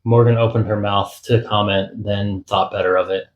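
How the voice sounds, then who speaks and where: Low-voiced male audiobook narrator. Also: little pitch movement, roomy sound, muffled recording, slight background noise. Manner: measured storytelling. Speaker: author and narrator.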